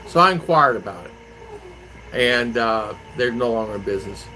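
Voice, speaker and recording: A man from Arizona hosts a relaxed live stream, rambling from one topic to the next as he answers viewer comments. His voice sounds bright and forceful at a middle pitch, with a faint hum of noise underneath. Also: normal speed, poor audio. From Arizona, USA. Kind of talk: casual live stream chat.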